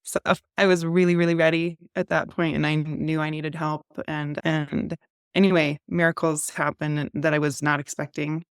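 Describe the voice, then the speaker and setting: A woman guest on a podcast, talking warmly in a halting way, often restarting her sentences. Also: low voice, little pitch movement, smooth, no echo, studio quality. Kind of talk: casual interview chat.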